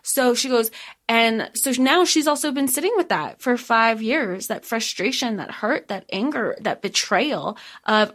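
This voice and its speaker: A woman co-hosting a podcast, talking over a book in an animated, casual way with some swearing. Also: a little high, a little slow. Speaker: podcast co-host.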